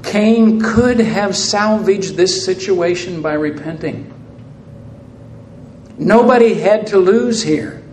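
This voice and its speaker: A man preaching a sermon, speaking deliberately and posing rhetorical questions to his listeners, in a church hall. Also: sits high, a little mellow, slight background noise. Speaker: pastor. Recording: roomy echo.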